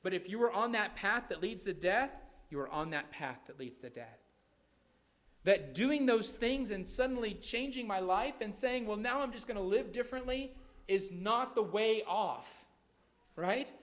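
A man's voice: high-pitched, animated, normal speed, a bit bright. A man preaching a sermon, emphatic, often checking in with "right?" and repeating his points. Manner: repeats phrases and restarts words.

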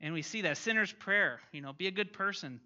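A man's voice: high voice, expressive, brisk, bright, forceful tone, lo-fi sound. A man teaching an interactive Bible lesson, questioning his class and reading scripture aloud.

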